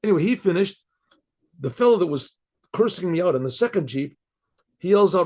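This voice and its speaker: An older man, a rabbi, telling a story to his class in a rambling way, repeating himself and often clearing his throat. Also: sits high, animated, fairly quick, a little mellow.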